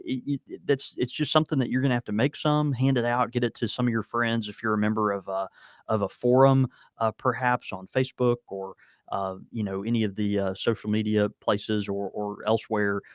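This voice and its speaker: A man co-hosting a casual podcast, talking in a halting way with many fillers and restarts. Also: lowish voice, no room sound, clean studio sound. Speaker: podcast co-host. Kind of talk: casual chat.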